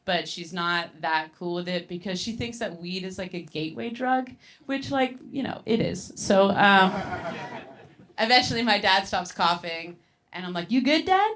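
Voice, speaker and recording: A woman telling a stand-up comedy story, with an animated, rambling delivery full of fillers and quick laughs. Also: medium pitch.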